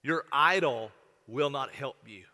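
A man's voice: medium pitch, measured pace, pushed and bright. A man preaching a sermon in a folksy, repetitive way, often stammering and restarting as he talks to the congregation. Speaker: pastor. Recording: long hall reverb.

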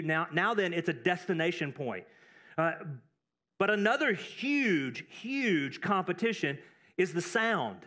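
A pastor from Texas giving a conversational sermon, breaking off into asides and repeating words for emphasis. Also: male voice, fairly high pitch, fairly bright tone. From Texas, United States.

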